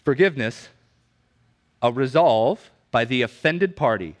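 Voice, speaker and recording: A man preaching a sermon in a conversational teaching manner, often checking in with "right?" and "okay?" and slowly repeating key definitions so listeners can write them down. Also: fairly high pitch, animated. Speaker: pastor.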